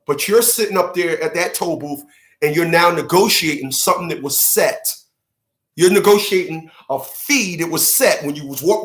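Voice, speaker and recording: Bright, punchy guy ranting on his stream, acts out little skits, echoey room. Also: on the high side, normal speed. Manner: emphatic, acts out mock dialogues, laughs at own jokes. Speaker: commentary show host. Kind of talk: animated opinion monologue. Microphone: livestream setup.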